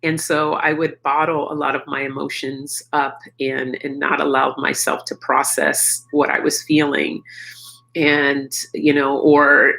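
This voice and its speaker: A woman's voice: a bass voice, gravelly, fairly bright tone, rough recording. A middle-aged woman hosting a live chat, talking frankly and personally about her feelings and swearing freely. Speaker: livestream host.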